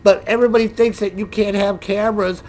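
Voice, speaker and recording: A middle-aged man ranting casually with a lot of profanity, in a lively, mocking storytelling way. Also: sits high, fast. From United States. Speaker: gaming streamer.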